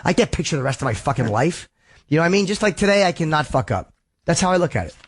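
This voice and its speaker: A man hosting a call-in show, talking quickly in a slightly high voice. He gives callers blunt, profane and reassuring advice. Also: big pitch swings. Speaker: podcast host taking calls.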